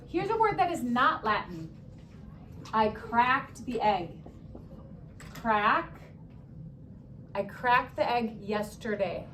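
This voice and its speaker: A woman's voice: a little high, fairly bright tone, a little hiss or hum. A woman teaching second graders a spelling lesson, upbeat and sing-song, stretching words out syllable by syllable. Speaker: elementary school teacher. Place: classroom.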